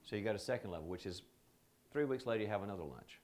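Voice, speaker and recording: Male trainer for a seminar talk: low voice with big swings in pitch, animated storyteller who slips into the voices of the people he quotes. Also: racing. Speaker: leadership trainer.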